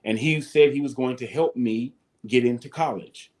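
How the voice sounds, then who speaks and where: Man spinning animated stories. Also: medium pitch, moderate pace. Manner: animated storyteller, acts out his coaches and shouts. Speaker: guest, former football player. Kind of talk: storytelling in a talk-show interview.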